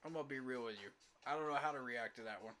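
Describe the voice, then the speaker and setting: A man's voice: mid-range voice, very fast, sharp tone. A young man, ranting in exasperation about his football team while live-streaming a sports reaction. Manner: exasperated, emphatic, repetitive ranting. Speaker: fan streamer.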